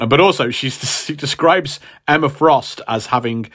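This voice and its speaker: A man's voice: mid-range voice, measured pace, hardly any pauses, a bit bright. A man, a podcast co-host, casually retelling a comic story and acting out the characters' lines. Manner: rambling retelling, acts out quotes. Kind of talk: casual chat.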